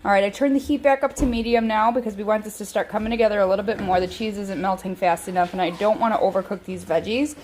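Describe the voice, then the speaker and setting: A woman's voice: medium pitch, steady tone, fast talker, hardly any pauses, darkish tone, slight background noise, poor audio. Chatty woman hosting a home cooking vlog. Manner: chatty, rambling, with frequent ums. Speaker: home cook and channel host. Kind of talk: casual cooking vlog chat.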